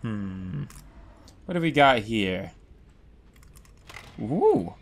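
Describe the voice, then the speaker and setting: A man's voice: fairly low pitch, sing-song, drawn-out words, a little hiss or hum. A man giving casual commentary over his own game playthrough, goofy and rambling, exclaiming at what happens on screen. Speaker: Let's Play gamer.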